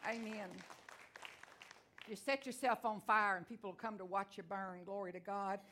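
A middle-aged woman with a Texan accent preaching a sermon in a folksy, animated way, with frequent amens and asides. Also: mid-range voice, moderate pace, some chatter behind, slight background noise.

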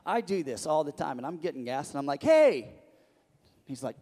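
A middle-aged pastor preaches a sermon in a slightly high voice. He tells stories animatedly, often restarting his sentences. His words ring out with the long reverb of a church hall. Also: quick pace. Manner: animated storytelling with many restarts.

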